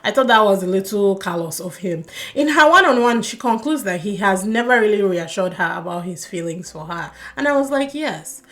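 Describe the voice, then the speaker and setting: A young woman giving a casual, animated review of a reality dating show, swearing and laughing when she gets worked up. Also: medium pitch, moderate pace, few pauses.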